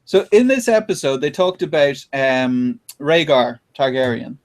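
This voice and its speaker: A man hosting a podcast, chatting casually and retelling things with animated laughter. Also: medium pitch, unhurried. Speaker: podcast host. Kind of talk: casual chat.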